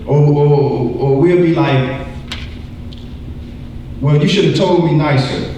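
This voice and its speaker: A man in his forties teaching a Bible lesson in an animated way, acting out quoted voices and repeating words. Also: on the high side, slow pace, a little hiss or hum. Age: 40s. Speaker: church teacher. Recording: echoey room from far off.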